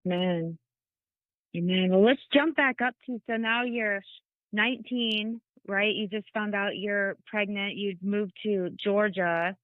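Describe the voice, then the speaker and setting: A woman's voice: mid-range voice, fairly even intonation, a little slow, dry recording. Affirming woman host on a thin line. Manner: affirming, encouraging listener. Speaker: podcast host. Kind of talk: interview, casual chat. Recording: thin, phone-like audio.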